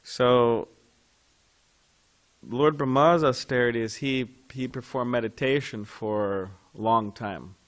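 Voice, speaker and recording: A man's voice: mid-range voice, moderate pace, hardly any pauses. A man teaching a devotional scripture class in a temple, talking in a loose conversational way and putting questions to his listeners.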